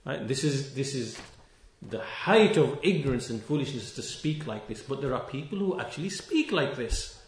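A man preaching a sermon, stressing key words and repeating them, reciting scripture verses quickly in between. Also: medium pitch, lively intonation, reverberant. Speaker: Islamic preacher.

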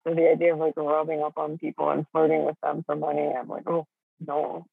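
Gravelly woman talking on a phone line. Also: low voice, monotone, fast, no room sound. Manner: swearing, laughing, rambling with many fillers. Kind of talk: casual chat.

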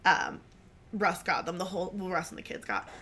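Chatty woman host, bright tone, rambling storyteller's delivery, filler-heavy casual chat. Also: on the low side, animated, brisk, slight background noise. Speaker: podcast host.

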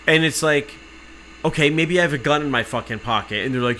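A man's voice: mid-range voice, fast talker, sharp tone, slight background noise. A man telling an angry, sarcastic story in casual chat, swearing freely. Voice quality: profane, sarcastic. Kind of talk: casual chat, ranting anecdote.

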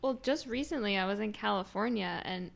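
A woman's voice: mid-range voice, lively intonation, fairly quick, vocal fry, crowd noise. A woman from the US East Coast, a guest on a podcast, chatting casually with dry joking asides. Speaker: urban planner guest.

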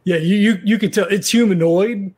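A man's voice: high voice, moderate pace, a little mellow. A man running a tabletop horror game as game master, rambling with many fillers and restarts.

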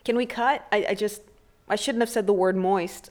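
A woman with a smooth, clear voice hosts a solo podcast from a small recording booth. She talks in an animated, jokey way and swears freely. Her voice sits at a middling pitch for a woman. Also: moderate pace. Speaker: podcast host. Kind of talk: casual solo podcast monologue.

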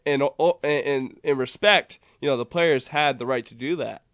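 A man's voice: medium pitch, moderate pace, a bit bright, dry recording. A man co-hosting a casual sports talk radio show, chatting and explaining, often restarting when he makes a point.

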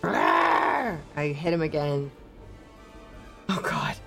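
A tabletop player talks through moves and attacks hesitantly, asking rule questions as they go. The voice has a gravelly edge at a middle pitch, with faint music behind. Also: normal speed. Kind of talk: casual tabletop play.

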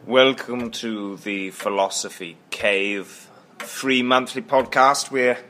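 A man's voice: medium pitch, a bit bright, a little hiss or hum. An actor playing a pompous male host of a philosophy show with flowery, grandiose phrasing. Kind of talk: comedy sketch acting.

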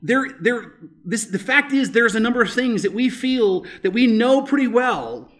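A man's voice: extremely high pitch, very animated, moderate pace, fairly bright tone. A male pastor preaching a sermon in a conversational way, often checking in with rhetorical questions.

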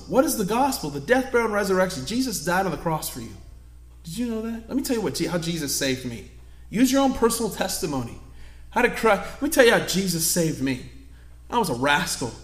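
A man's voice: high voice, reverberant. A man preaching a sermon, telling stories animatedly and acting out the scenes. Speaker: pastor. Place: church sanctuary.

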